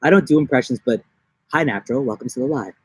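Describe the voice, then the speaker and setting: A man's voice: fast talker, darkish tone, breathy edge, no echo. Jokey young man live-streaming outdoors. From New York. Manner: jokey, rambling, slips into silly high-pitched voices. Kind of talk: casual live-stream chat. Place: outdoors in a backyard.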